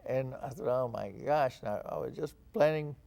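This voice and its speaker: An older San Antonio veteran, interviewed for oral history, recounts his past at normal speed. His medium-pitched voice is gravelly yet mellow, and he acts out quoted dialogue while storytelling.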